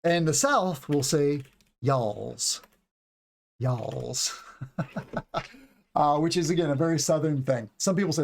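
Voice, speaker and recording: A man's voice: on the high side, expressive, a little slow, gravelly, long pauses. A man in his forties, an English teacher giving a casual livestream lesson, chatty and rambling, stretching out words to show stress and intonation. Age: 40s.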